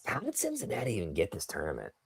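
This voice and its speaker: Playful low-voiced man calling tennis. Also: wildly swooping pitch, racing, gravelly, breathy edge. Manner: playful, jokey asides mixed with play-by-play. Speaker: watchalong co-host and commentator. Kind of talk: casual live tennis commentary.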